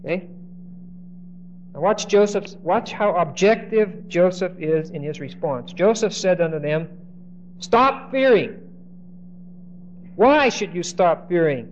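A high-pitched male preacher teaching through a passage verse by verse. He acts out what the people in the story say and stumbles over repeated words as he starts a thought. The recording is muffled and lo-fi, with a faint hiss behind him. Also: a little slow, pauses often. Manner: animated, acts out quoted speech, repeats words when starting. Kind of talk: expository Bible teaching.

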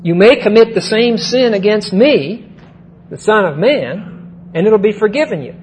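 A man with a fairly high voice teaches from Scripture in a measured sermon style. He repeats his main points and often stops to ask "okay?" A faint hum sits under the recording. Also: expressive, rough recording. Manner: repeats key phrases and checks in with "okay?". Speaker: Bible teacher. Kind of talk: sermon-style Bible lesson.

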